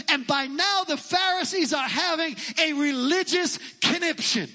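A male pastor gives an emphatic sermon and drives each point home by repeating it. His voice sits high for a man and sounds bright and forceful. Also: a little slow, few pauses, poor audio. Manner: emphatic, repetitive storytelling preacher.

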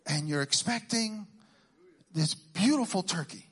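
A middle-aged man from Puerto Rico doing a stand-up routine, teasing the crowd with quick questions and Spanish exclamations. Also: high-pitched, lively intonation, fairly bright tone, slightly rough. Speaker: stand-up comedian.

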